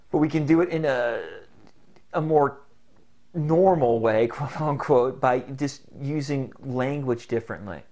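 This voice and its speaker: A man giving an instructional talk in a jokey, animated way, now and then slipping into demo voices. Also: medium pitch. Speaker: self-help instructor.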